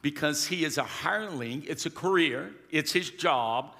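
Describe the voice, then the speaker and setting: Male pastor, emphatic call-and-response preaching, bright tone, long church-hall reverb. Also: fairly high pitch, animated, moderate pace, gravelly. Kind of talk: sermon. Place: church sanctuary.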